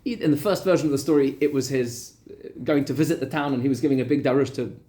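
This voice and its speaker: A man, a rabbi, telling a story in a lively Torah lesson, repeating words for emphasis. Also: mid-range voice, quick pace. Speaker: rabbi teaching a weekly class.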